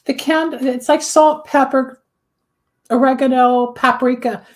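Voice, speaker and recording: A woman host with a slightly high voice talks in a loose, chatty way. She explains things through homely examples. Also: fairly even intonation, unhurried. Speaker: host, candle magic practitioner. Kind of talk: casual talk show chat.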